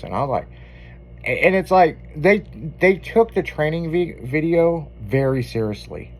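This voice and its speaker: A man's voice: on the high side, expressive, measured pace. A man hosting an afternoon radio show, telling loose, profane stories in casual banter. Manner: loose, profane storytelling with laughs. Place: radio studio.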